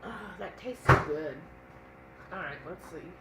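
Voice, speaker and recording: A woman's voice: on the low side, animated, a little slow, reverberant, heavy background noise. A woman co-hosting a casual cooking live stream, chatting and reading viewer comments aloud. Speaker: cooking channel co-host.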